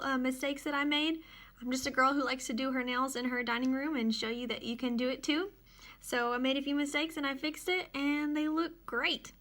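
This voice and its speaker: A woman's voice: on the high side, a bit bright. A woman hosting a casual home tutorial, chatting unhurriedly and narrating each step as she works in her dining room. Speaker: nail tutorial host. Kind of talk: casual how-to demonstration.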